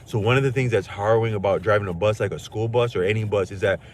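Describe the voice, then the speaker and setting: A man with a fairly low voice talks fast and casually to his livestream viewers, using slangy, meandering speech that keeps circling back and restarting. A faint background hiss can be heard.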